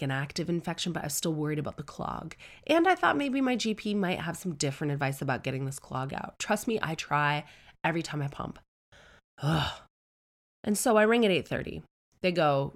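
Low-voiced, blunt and sweary woman. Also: fairly quick. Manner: blunt, sweary, animated, switches voices for quotes. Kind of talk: comic storytelling monologue.

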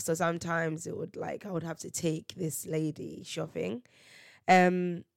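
A woman chats through a casual solo podcast, spinning slangy anecdotes with lots of laughter. She acts out what people said in her stories. Her voice sits on the lower side for a woman and is recorded dry and close. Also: vocal fry, no echo. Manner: animated storytelling, slangy, laughs often, acts out quotes. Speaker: podcast host.

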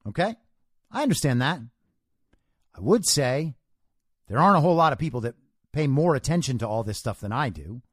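A man's voice: mid-range voice, expressive, brisk, long pauses, breathy edge, dry recording, studio quality. A man hosting a podcast, giving an opinionated political commentary monologue. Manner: opinionated, emphatic. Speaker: podcast host.

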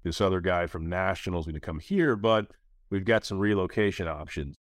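A man in his thirties hosting a casual podcast, telling stories in an animated way. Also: on the low side, fairly quick, clean tone, no room sound. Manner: animated storyteller, acts out quoted voices. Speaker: podcast host.

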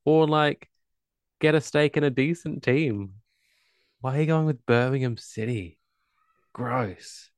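A man's voice: mid-range voice, slow pace, long pauses, no room sound. A man from England co-hosting a podcast in casual chat, blunt and sweary, trash-talking teams and towns for laughs. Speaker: podcast co-host.

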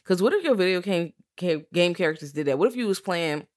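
A lively woman co-host, talking through a film in loose, profane chat and breaking into voiced quotes. Her voice sits fairly low for a woman. The sound is dry and close, with no room around it. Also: fast, no echo. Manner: animated, profane, acts out quotes in shrieks. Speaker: podcast co-host. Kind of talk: casual film discussion.

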